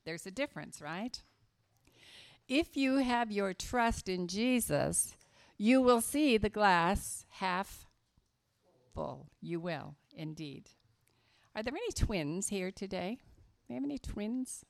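A woman from West Virginia giving a children's sermon at church, telling a story slowly and emphatically to the kids. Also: medium pitch, lively intonation, gravelly.

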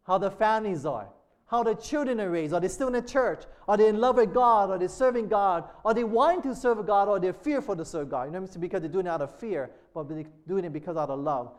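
A male pastor preaching a sermon in a call-and-response manner, often checking in with "amen?" and slowing down to read quotations aloud. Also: sits high. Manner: slows and lifts voice reading quotations aloud.

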